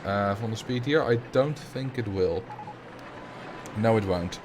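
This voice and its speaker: A man's voice: on the low side, a little slow, a little hiss or hum. A man streaming a park-building game, chatting casually and thinking aloud as he plays. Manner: relaxed, thinking aloud while playing. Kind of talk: casual gameplay commentary.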